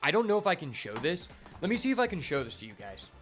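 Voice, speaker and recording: This young card-game streamer talks fast in a fairly high, bright voice that swings widely in pitch. He rambles casually, leaning heavily on fillers and swearing, with faint music behind him.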